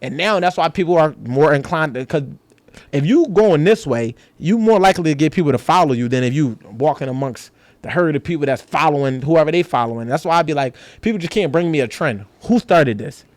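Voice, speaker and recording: Fast-talking high-voiced man from Philadelphia. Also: no echo. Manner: animated, profane street talk with mimicked quotes. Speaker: podcast guest. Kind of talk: casual podcast conversation.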